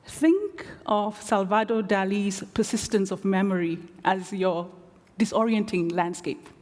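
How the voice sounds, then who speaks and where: A woman giving a lecture as reflective storytelling, measured with wry asides, in a large theatre. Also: medium pitch, a little mellow. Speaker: guest lecturer. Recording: long theatre reverb.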